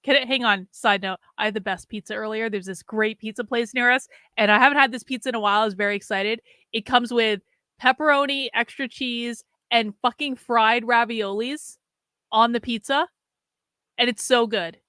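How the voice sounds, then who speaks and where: Brief: female host, bright and forceful tone, blunt chatty commentary, casual swearing. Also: a little high, normal speed, smooth, no echo, studio quality.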